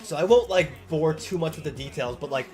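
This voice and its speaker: A man's voice: a little high, brisk, soft background music. A young man casually telling a long story on stream, rambling and swearing a lot, acting out the lines of the people in it.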